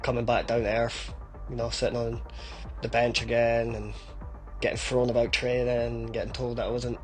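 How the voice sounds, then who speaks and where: A Scottish man in his thirties, a footballer guest on a casual podcast, telling lively stories and swearing freely. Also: mid-range voice, normal speed, music in the background. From Scotland. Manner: lively, swears casually, tells vivid anecdotes.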